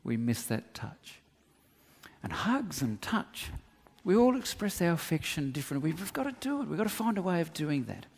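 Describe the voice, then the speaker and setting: Australian pastor preaching with humor. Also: male voice, a little high, normal speed, husky. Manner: animated storyteller, humorous asides. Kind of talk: sermon. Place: church hall. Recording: long reverb of a church hall.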